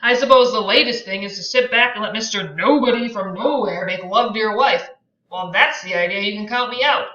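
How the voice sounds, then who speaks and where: A woman voicing an arrogant, contemptuous rich man while reading a novel aloud, loud and incredulous. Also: mid-range voice, expressive, brisk, few pauses, lo-fi sound. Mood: scornful. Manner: sneering, incredulous, loud outbursts.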